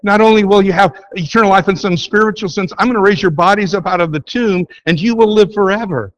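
Earnest man preaching, muffled sound. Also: high-pitched. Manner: earnest, emphatic, slows down to read scripture. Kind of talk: sermon with scripture reading. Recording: dull lo-fi sound.

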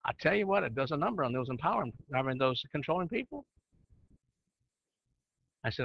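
A man's voice: fairly high pitch, big pitch swings, fairly quick, creaky, dry recording, lo-fi sound. A man teaching church leaders in a conversational preaching style, often asking his listeners questions. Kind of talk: sermon-style teaching with slides.

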